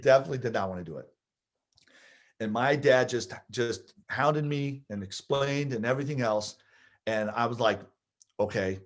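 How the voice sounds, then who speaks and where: Middle-aged guy telling a childhood story, gets animated, laughs a bit. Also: medium pitch. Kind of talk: casual storytelling.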